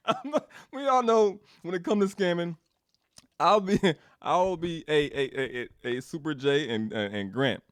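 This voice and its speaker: A man giving a casual developer update, telling a story in an animated, ranting way, laughing often and swearing. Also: on the high side, measured pace, dry recording, studio quality.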